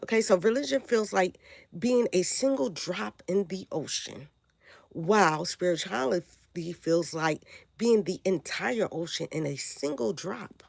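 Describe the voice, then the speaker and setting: Raspy-voiced woman hosting a spiritual livestream. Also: medium pitch, animated, a little slow, a little mellow, no echo. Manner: preachy, asks viewers if they follow. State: raspy from the flu. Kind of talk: casual livestream talk.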